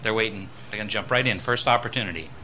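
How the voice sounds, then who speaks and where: A man with a bright, forceful voice gives a lecture on using the voice. He swings between quiet asides and loud, high demonstrations. A faint hiss of noise sits under the recording. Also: quick pace. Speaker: spiritual voice teacher.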